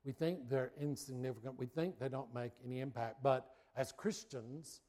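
Middle-aged man, pastor, animated storyteller who moves from a comic anecdote into a sermon point. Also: mid-range voice, moderate pace. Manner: lively storyteller, builds suspense then makes a point.

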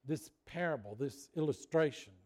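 A man's voice: fairly high pitch, expressive, moderate pace, a little mellow. A man preaching a sermon, telling folksy stories and joking with the congregation. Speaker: pastor. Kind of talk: sermon with storytelling.

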